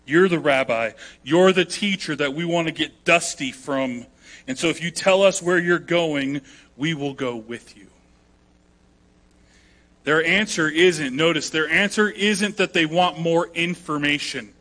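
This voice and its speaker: A man's voice: a little high, measured pace, sharp tone. A man preaching a sermon in a conversational, emphatic way, acting out quotes as he goes. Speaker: pastor.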